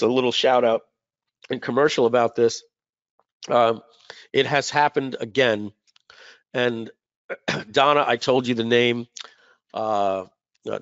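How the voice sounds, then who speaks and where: Male webinar host, mid-pitched voice, loose rambling delivery full of "uh"s, dry and slightly lo-fi call audio. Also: dry recording. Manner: rambling, many fillers and repeats. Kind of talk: casual sales storytelling. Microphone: webinar call mic.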